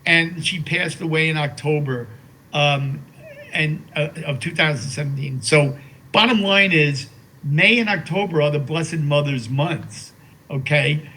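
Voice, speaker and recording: An older man speaking as an interview guest, remembering his late wife with emotion, halting over fillers and restarts. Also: a little high, pushed and bright, a little hiss or hum, low-quality recording. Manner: slow and reverent while reading a poem aloud.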